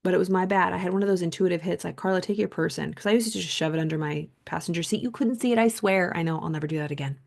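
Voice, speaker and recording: Podcast host, woman, casual monologue; earnest, filler-heavy delivery with a touch of vocal fry. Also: fairly low pitch, racing, hardly any pauses, a little mellow. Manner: rambling, chatty, heavy use of "like"; earnest, reflective.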